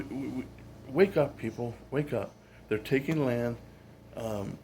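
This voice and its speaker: A man rants about politics in a loose, indignant way, circling back and restarting his sentences as he goes. His voice sits at an ordinary middle pitch. A faint background ambience hangs behind him. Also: slight background noise. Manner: indignant, rambling, with frequent restarts. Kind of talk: casual political rant.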